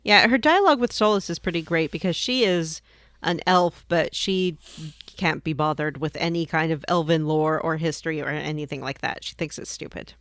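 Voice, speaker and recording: A woman's voice: sits low, normal speed, fairly bright tone, dry recording. A woman co-hosting a casual gaming podcast, dry and teasing in a matter-of-fact way. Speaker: podcast co-host.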